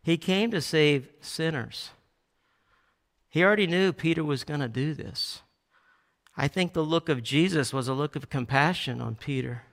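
A male pastor preaching a sermon, animated, acting out quoted Bible lines with a raised voice. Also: a little high, moderate pace, gravelly. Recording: long hall reverb.

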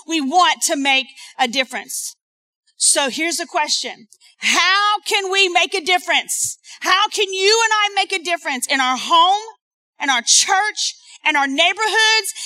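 A woman delivers a church sermon in a high, ringing voice with a bright, forceful edge. She keeps the congregation involved and prompts them to repeat key phrases to the people beside them. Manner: interactive, calls on the congregation to repeat lines. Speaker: preacher. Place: church sanctuary.

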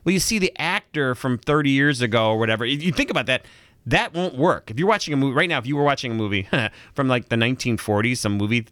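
Animated, bright-voiced male podcast host. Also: medium pitch, quick pace, no echo. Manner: animated, rambling, acts out quoted lines. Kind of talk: casual chat.

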